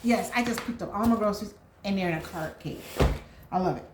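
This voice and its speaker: A woman's voice: mid-range voice, brisk, echoey room, heavy background noise. A woman hosting her own vlog, chatting casually with viewers and calling them y'all, a bit out of breath, with lots of ums. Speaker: vlog host. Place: home, indoors.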